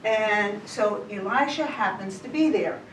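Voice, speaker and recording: A woman's voice: medium pitch, measured pace. A woman teaching a women's Bible study, retelling scripture in a chatty, everyday way. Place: church meeting room. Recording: roomy hall, distant mic, faint hiss.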